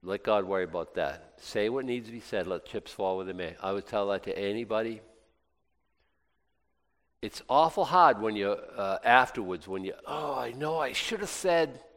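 A man preaching a sermon, reading scripture aloud and breaking into lively, sarcastic asides. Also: on the low side, normal speed. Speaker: pastor. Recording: long hall reverb.

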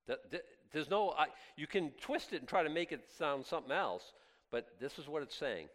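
A man preaching a sermon as pastor, impassioned and swinging from loud highs to quiet asides, often stammering and restarting. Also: animated, normal speed. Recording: long hall reverb.

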